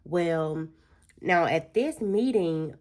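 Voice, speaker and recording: A woman's voice: on the low side, expressive, drawn-out words, a little mellow. A woman vlogger chatting through a book review while doing her makeup, telling the story expressively with slangy asides.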